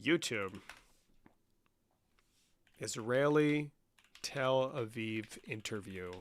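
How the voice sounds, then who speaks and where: A man's voice: mid-range voice, extremely slow. A young man live-streaming, casually reading chat comments and answering them with lots of swearing. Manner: profane, reads chat aloud and answers.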